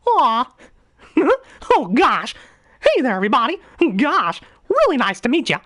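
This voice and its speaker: Mickey Mouse, chirpy falsetto cartoon mouse. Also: male voice, huge pitch swings, measured pace, a bit bright, dry recording, studio quality, full character voice. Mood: cheerful. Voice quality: falsetto, bouncy. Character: cheery high-voiced cartoon mouse, male.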